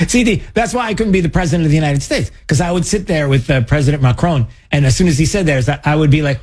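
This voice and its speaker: Talking fast in a darkish tone, this radio talk show host keeps things casual and sarcastic, occasionally slipping into mocking high-pitched voices.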